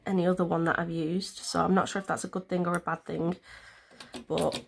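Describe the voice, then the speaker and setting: A woman's voice: fairly low pitch, flat delivery, a little fast, vocal fry, slight background noise. A woman vlogger, explaining a nail tutorial in a chatty, rambling way with plenty of fillers. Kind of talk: casual step-by-step tutorial.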